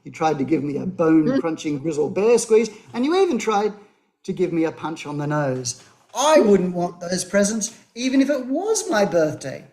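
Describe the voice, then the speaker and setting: A man voicing a calm, wise male wombat in a children's story, speaking slowly and kindly. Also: sits high. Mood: gently firm. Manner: slow, placid and kindly.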